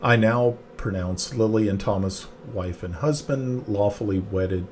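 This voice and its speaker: A man voicing a young male priest who officiates a wedding in a formal, booming, solemn manner. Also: a little slow, a little hiss or hum, natural voice.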